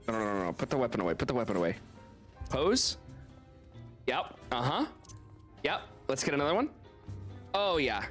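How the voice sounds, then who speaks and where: Lively, laughing gaming streamer guy. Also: mid-range voice, moderate pace, pauses often, faint music behind. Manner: playful, laughs a lot, swears freely. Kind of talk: casual gameplay commentary.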